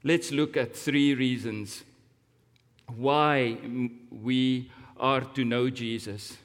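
A man preaching a sermon, telling a story slowly and dramatically, with big rises and drops in pitch and volume. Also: steady tone. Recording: long hall reverb.

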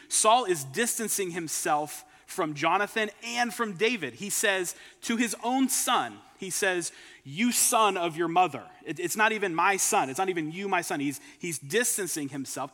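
A man's voice: high voice, a bit bright, big-room sound. A man preaching a sermon, retelling a scripture story with emphatic asides.

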